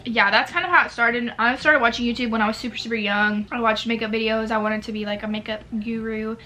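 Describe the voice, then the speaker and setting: Bright-voiced chatty young woman. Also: fairly high pitch, steady tone, quick pace, slight background noise. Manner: chatty, filler-heavy, talks with mouth full. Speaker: YouTuber. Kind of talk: casual Q&A while eating. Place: home near a street.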